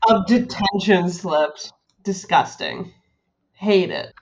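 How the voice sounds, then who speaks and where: A woman's voice: lowish voice, expressive, takes it slowly. Blunt, sarcastic woman on a dull line. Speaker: podcast co-host. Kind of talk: casual chat. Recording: dull lo-fi sound.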